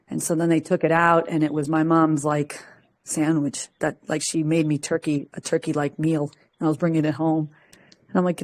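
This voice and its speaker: A woman's voice: low-pitched, steady tone, normal speed. A woman from Peru telling chatty, laughing stories on a group call, acting out what people said. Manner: chatty storyteller, laughs often, acts out quotes. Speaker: call participant. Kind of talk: casual chat.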